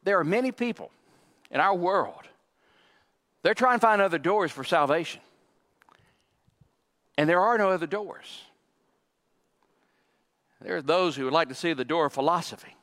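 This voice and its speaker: A man preaching a sermon as pastor, emphatic, with dramatic pauses and dry joking asides. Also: high voice, lively intonation, fairly bright tone. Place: church sanctuary. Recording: long reverb of a large hall.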